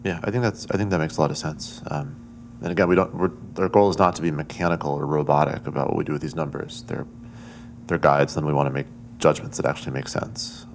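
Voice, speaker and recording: A man chairing a city committee meeting, measured and moving the agenda along. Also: a bass voice, steady tone, vocal fry, a little hiss or hum.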